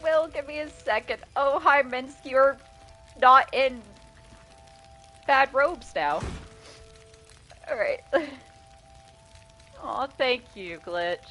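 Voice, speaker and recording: High-voiced swearing woman streamer. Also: takes it slowly, pauses often, bright, forceful tone, faint music behind. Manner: chatty, swearing, often laughing. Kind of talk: casual gameplay commentary.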